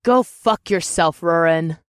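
A man's voice: high-pitched, lively intonation, unhurried, no echo, clean studio sound, pitched above the performer's own voice. A man voicing a sarcastic horned half-demon woman. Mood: commanding. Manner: commanding and sarcastic. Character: sharp-tongued horned half-demon woman, red-skinned and bold. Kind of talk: audiobook narration.

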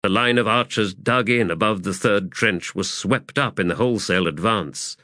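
A man reading a war novel aloud as an audiobook narrator, in measured, steady storytelling. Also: on the low side, dry recording, studio quality. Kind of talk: scripted narration.

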